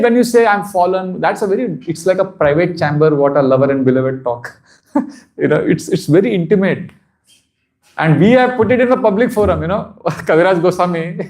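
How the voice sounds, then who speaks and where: A man's voice: a little high, darkish tone. A man giving a devotional seminar talk, earnest and repetitive for emphasis, often breaking into laughter. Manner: repeats phrases for emphasis. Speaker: spiritual teacher.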